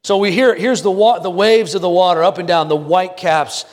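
A man's voice: sits high, fairly even intonation, normal speed, big-room sound. A middle-aged man preaching a sermon, telling a story dramatically and building repeated refrains. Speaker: pastor. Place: church sanctuary.

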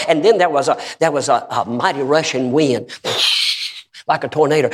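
A fervent male preacher whose voice rings through a big hall with a long reverb. He sits a bit high and swings from quiet storytelling to shouted praise. He hammers home his questions again and again. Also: normal speed. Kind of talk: revival sermon.

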